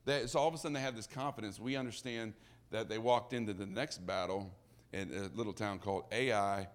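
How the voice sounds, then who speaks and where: A man preaching a sermon in a lively, conversational way, acting out the characters' dialogue. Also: on the low side, a little fast. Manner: animated, conversational, acts out dialogue.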